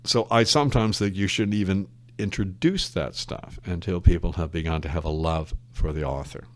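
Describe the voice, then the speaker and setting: A man with a low voice speaks at a normal pace. He's an English literature professor appearing as a guest on a casual podcast interview. He explains things thoughtfully and wryly, often drifting into side stories.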